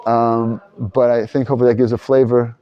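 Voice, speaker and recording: A man's voice: medium pitch, little pitch movement, brisk, highs cut off. A man leading a casual Torah class discussion, loose and rambling, thinking aloud with frequent restarts. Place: study hall.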